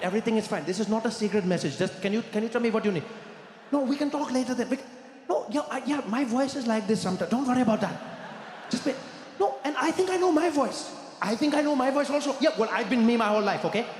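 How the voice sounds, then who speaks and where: A man voicing a grown man on the phone with his mother, flustered, repeating himself and insisting his high voice is fine. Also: quick pace, a little hiss or hum. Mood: flustered, defensive. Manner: flustered, repeats himself, keeps cutting the caller off. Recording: live hall with long reverb, faint ambience.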